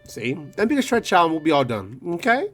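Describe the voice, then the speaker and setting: A man voicing a cheerful, athletic teenage girl runner in a visual novel game, with a bright, upbeat delivery. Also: fairly high pitch, wildly swooping pitch, fairly quick, soft background music, full character voice.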